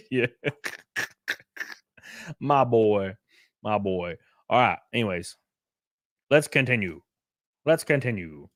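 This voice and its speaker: A man's voice: on the low side, big pitch swings, slow pace, pauses often, fairly bright tone, no room sound, clean studio sound. A man hosting a casual livestream, rambling with many fillers and reading chat messages aloud. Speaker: streamer and host.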